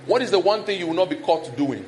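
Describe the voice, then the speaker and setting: A slight hiss or hum sits under this high, quick-paced voice of a Nigerian-accented pastor preaching. He brings the sermon to life by acting out village gossip and scolding loudly.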